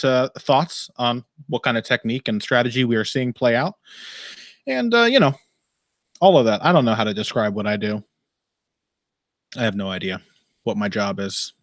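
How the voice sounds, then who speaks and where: A man's voice: mid-range voice, a bit bright, no echo. Wry, rambling male podcast host. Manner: rambling, wry, swears freely, laughs often. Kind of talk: casual live fight commentary. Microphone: headphones and desk mic.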